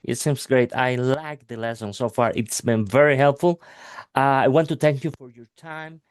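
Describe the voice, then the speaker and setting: A man of middle pitch, teaching English in an unhurried, hesitant way full of fillers. He speaks slowly and deliberately, working through examples. The recording is dry and close. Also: fairly even intonation, clean tone, dry recording. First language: Spanish. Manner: hesitant, many fillers, slow deliberate phrasing. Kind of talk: casual language lesson.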